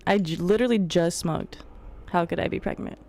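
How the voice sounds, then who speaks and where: A woman's voice: on the low side, fairly quick, vocal fry, a little mellow. A young woman, co-hosting a podcast and chatting casually with viewers, laid-back, laughing and swearing easily. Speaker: podcast co-host. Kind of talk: casual chat with live chat.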